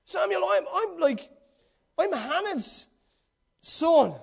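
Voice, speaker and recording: A man's voice: extremely high pitch, very animated, slow pace, vocal fry, pitched above the performer's own voice, heavily acted. A man voicing a humble, unsure young boy prophet in a pleading tone.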